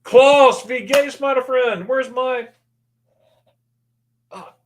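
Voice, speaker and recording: A man hosting a casual livestream, greeting viewers by name and reading their comments, excitable and often stammering as he restarts his words. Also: extremely high pitch, drawn-out words, background noise. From United States. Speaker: livestream host.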